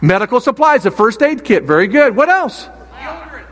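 An older man preaching a sermon as a pastor, telling stories with many halting restarts. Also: very high-pitched, big pitch swings, fairly bright tone. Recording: long hall reverb.

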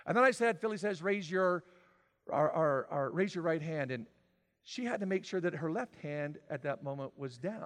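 A man preaching a sermon, swinging from loud, emphatic declarations to quiet, drawn-out lines. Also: a little high, long reverb tail. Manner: dramatic swings from shouting to near-whisper. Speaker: pastor.

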